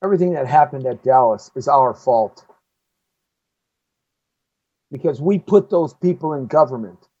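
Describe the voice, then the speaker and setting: A man rants through a heated opinion monologue as a live show host. He jumps from loud, mocking outbursts to low, grumbling asides. The audio is dull and lo-fi. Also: animated, normal speed, pauses often, slightly rough. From United States. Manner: ranting, swings between loud outbursts and low muttering.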